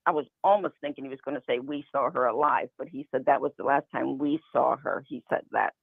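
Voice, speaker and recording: A man's voice: medium pitch, quick pace, vocal fry, breathy edge, dry recording. A man calling in to a talk show, talking in a hesitant, rambling, suspicious way. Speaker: caller. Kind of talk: phone-in call. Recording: phone line.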